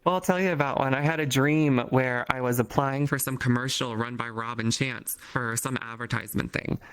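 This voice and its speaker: A man as an interview guest in a casual chat, joking crudely in a deadpan way. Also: medium pitch, brisk, clean tone.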